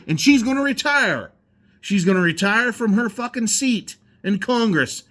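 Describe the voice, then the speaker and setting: In his indoor garage, a man with a high, fairly bright voice delivers a heated vlog monologue that rambles and is full of profanity. He is the garage's owner.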